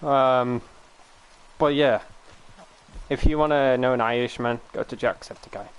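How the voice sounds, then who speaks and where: A man's voice: mid-range voice, fairly even intonation, measured pace, clean tone, poor audio. A British man from the UK chatting casually on a live stream, rambling, swearing and laughing easily.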